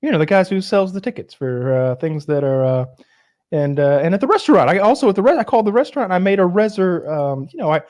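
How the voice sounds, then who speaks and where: A man's voice: high-pitched, expressive, a little mellow, pitched above the performer's own voice. A man doing a fumbling, word-dodging guy. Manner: halting, stammering and circling. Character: awkward man dodging certain words.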